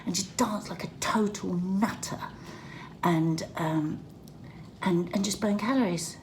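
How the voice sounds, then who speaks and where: A middle-aged woman vlogging casually from her dressing room at work, chatty and excitable, out of breath. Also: fairly low pitch, a little slow, a little hiss or hum. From England. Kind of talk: casual vlog monologue.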